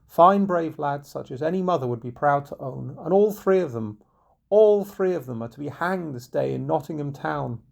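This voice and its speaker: A man's voice: on the high side, animated, normal speed, vocal fry, a little mellow. A man voicing a grey-haired old widow who pleads through sobs. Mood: grieving. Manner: sobbing, pleading.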